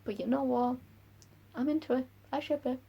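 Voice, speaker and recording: A woman book vlogger chatting casually and excitably about characters she loves and hates. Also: high voice, gravelly, slightly rough, highs cut off. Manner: gushing, excitable, quick laughs. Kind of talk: casual chat.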